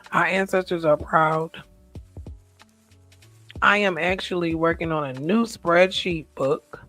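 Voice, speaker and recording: An American woman talking in a personal, reflective vlog monologue. She speaks in a heartfelt, emotional way and repeats her affirmations. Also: on the low side. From United States. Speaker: vlogger.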